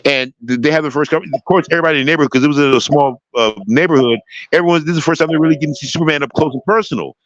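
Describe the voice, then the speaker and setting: A man's voice: fairly high pitch, racing, fairly bright tone, no room sound. A man hosting a casual chat, talking with enthusiasm and rambling, with many restarts, over a slightly dull lo-fi mic. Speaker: show host. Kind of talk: casual chat about a TV show.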